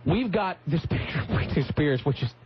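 A man's voice: on the high side, animated, moderate pace. A man hosting a radio show from the studio, telling stories in a rambling way that keeps interrupting and correcting itself. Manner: rambling, self-interrupting storyteller. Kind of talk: morning radio banter and storytelling. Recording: slightly muffled radio broadcast, faint noise.

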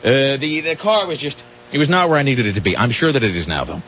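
Male radio host, lively rambling banter, muffled lo-fi broadcast, faint hum. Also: medium pitch, quick pace. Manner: rambling, animated storytelling. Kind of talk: casual radio chat.

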